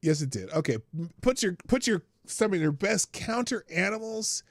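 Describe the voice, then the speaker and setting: High lively gravelly-voiced man host. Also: normal speed, no room sound, clean studio sound. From United States. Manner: rambling, laughs often, many restarts. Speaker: livestream show host. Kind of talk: casual live-stream commentary.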